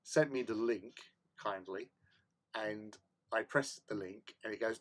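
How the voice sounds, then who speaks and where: A man's voice: fairly low pitch, slow pace, a bit bright. A man hosting a hobby livestream, chatting casually in a rambling, self-mocking way. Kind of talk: casual chat.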